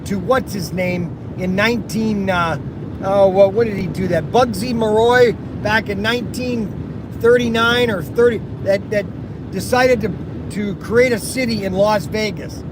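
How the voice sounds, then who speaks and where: A man with a high voice talks slowly and chattily while sitting in his car, drifting from thought to thought and throwing in folksy exclamations. His phone camera picks him up inside the vehicle, with a faint hum of the road behind him. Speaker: vlogger. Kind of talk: rambling in-car vlog. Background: faint road and vehicle noise.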